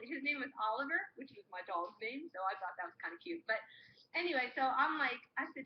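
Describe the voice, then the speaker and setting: High-voiced woman telling stories animatedly. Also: quick pace. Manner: animated, acts out what people said. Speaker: co-host of a live crafting show. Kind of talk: casual storytelling chat. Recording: muffled live-stream audio with faint hum.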